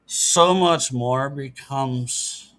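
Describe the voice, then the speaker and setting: Man, middle-aged, podcast guest, mid-pitched voice, earnest, matter-of-fact. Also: extremely slow, a bit bright. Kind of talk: casual interview talk.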